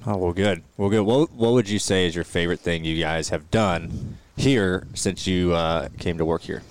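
A young man hosting a casual podcast, laid-back and quick to laugh. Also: low-pitched, no echo. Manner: laid-back, laughs easily, many fillers. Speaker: podcast host.

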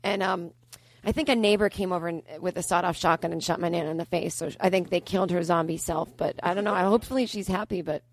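Fast-talking deadpan woman comedian. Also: lowish voice. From Boston area. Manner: deadpan, rapid run-on storytelling. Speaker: comedian guest. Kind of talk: improvised comedy storytelling.

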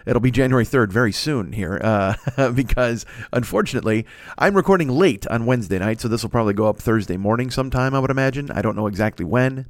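A man's voice: medium pitch, lively intonation, quick pace, no echo. A man in his forties talks alone into a studio microphone, wandering from thought to thought with plenty of swearing and self-mockery. His voice sits in an ordinary middle register. The sound is close and dry. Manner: rambling, profane, self-mocking. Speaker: podcast host. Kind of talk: casual solo podcast chat. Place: recording alone indoors.

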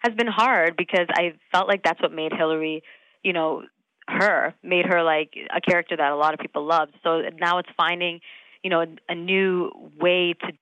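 A woman in her thirties talks through her work in a relaxed podcast interview, animated and quick to laugh, with plenty of fillers. Her voice is bright and forward. The sound is dry and close, with no room around it. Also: on the low side, no echo, lo-fi sound. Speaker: actress guest. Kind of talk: casual interview chat.

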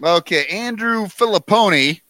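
A man co-hosting a podcast in excitable, profane casual chat. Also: sits high, measured pace, no room sound. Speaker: podcast co-host.

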